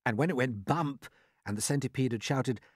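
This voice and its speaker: A man reading a children's storybook aloud in an expressive, dramatic way. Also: medium pitch, normal speed, husky, no echo, studio quality.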